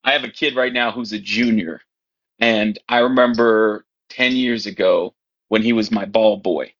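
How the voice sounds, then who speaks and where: A man who coaches high school football, a podcast guest telling wry anecdotes and acting out his players' voices. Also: steady tone, normal speed, a bit bright, dull audio. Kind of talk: casual storytelling chat.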